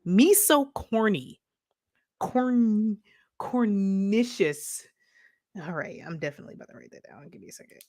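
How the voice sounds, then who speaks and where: A woman from Detroit hosting a casual livestream, reading viewer comments aloud in a playful, animated way and laughing often. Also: medium pitch, measured pace, no room sound, clean studio sound. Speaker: livestream host.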